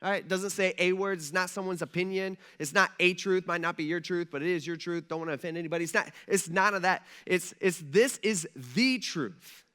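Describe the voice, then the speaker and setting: A pastor delivers a sermon in an easygoing, folksy way, repeating himself and checking in with his listeners. His voice sits high for a man. It has a bright, pushing edge. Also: fairly even intonation, fast talker, hardly any pauses, smooth. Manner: casual, folksy, asks the room "right?" often. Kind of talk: conversational sermon.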